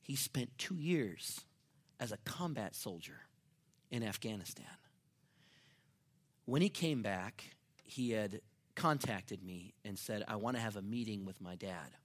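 A male pastor preaching a sermon in church, telling a story that swings from loud outbursts to near-whispered lines. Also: on the low side, animated, measured pace, pauses often.

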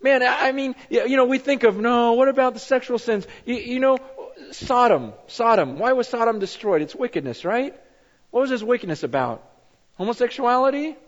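Man preacher, high voice, chatty then emphatic sermon, muffled hall echo. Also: animated, normal speed. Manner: conversational storytelling, repeats words, rises to emphatic. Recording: dull sound with long reverb in a hall.

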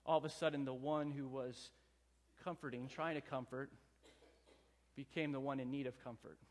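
Man preaching in a reverberant hall. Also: medium pitch. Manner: earnest storytelling, rising emphatic repetition. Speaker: pastor. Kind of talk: sermon.

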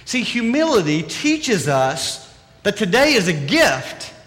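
A man's voice: high voice, sing-song, slow, fairly bright tone, in a large hall. A man with a Southern accent giving an earnest, conversational sermon that is full of rhetorical questions. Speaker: preacher.

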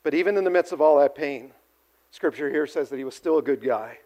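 Male pastor, high-pitched, animated storytelling sermon with audience call-outs. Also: fairly quick. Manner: animated storytelling, acts out quotes, asks the audience.

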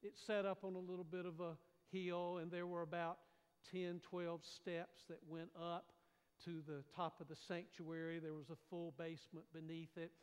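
Man, middle-aged pastor, higher voice, storytelling sermon, big reverberant church hall. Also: little pitch movement, moderate pace, smooth. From North Carolina, US. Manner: folksy, gently humorous, drops to a hush for suspense then swells. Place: church sanctuary. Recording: long reverb of a large hall.

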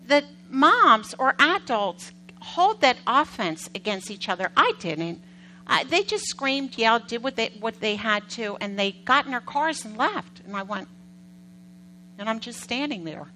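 A middle-aged woman preaching a sermon in a conversational style, telling animated stories, acting out quotes and putting questions to the congregation. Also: a little high, unhurried, slight background noise, low-quality recording. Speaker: pastor.

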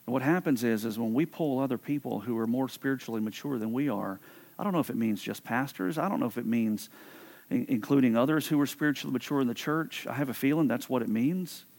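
A pastor preaching a sermon in an earnest, conversational way, often stumbling and repeating words. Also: male voice, medium pitch, fast talker, a little mellow. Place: church.

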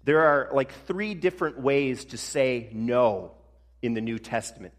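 A male pastor preaching a sermon in a conversational way, slowing down for emphasis. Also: mid-range voice. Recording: long reverb of a large hall.

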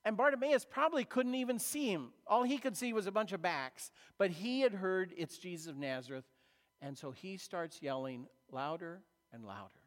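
A man preaching a sermon as a pastor, retelling a story in a conversational way with dramatic pauses. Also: high voice, expressive. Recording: long reverb of a large hall.

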